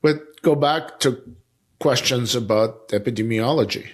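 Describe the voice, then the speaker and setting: A middle-aged man with a Russian accent, hosting a casual conversation, speaking haltingly with many fillers and restarts. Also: mid-range voice. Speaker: editor and podcast host.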